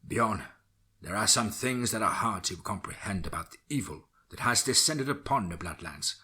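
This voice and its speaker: A man voicing a kindly village priest who speaks gently and reassuringly. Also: on the low side, animated, moderate pace, breathy edge, full character voice.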